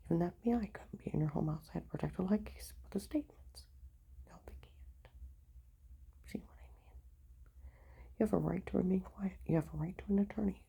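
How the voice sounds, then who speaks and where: Woman vlogger, dark husky whisper, rambling to camera. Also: medium pitch, rough recording. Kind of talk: rambling monologue.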